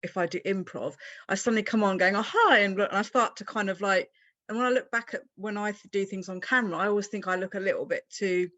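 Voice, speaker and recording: A woman's voice: mid-range voice, fairly even intonation, quick pace, fairly bright tone. A woman taking part in a live online session, asking her question hesitantly and searching for words. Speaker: session participant. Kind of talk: casual question on a video call. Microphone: video call.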